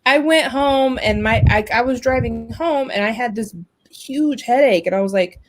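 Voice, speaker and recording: A woman's voice: on the high side, moderate pace, poor audio. A woman hosting a casual web talk show, telling a long story about job hunting, chatty and full of fillers. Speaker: host. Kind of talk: casual chat.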